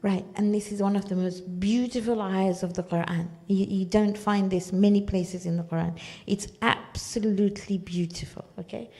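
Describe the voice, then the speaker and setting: A woman with a medium-pitched, dark, steady voice teaches a religious study class at a moderate pace with few pauses. She explains verses through storytelling and often checks in with her listeners.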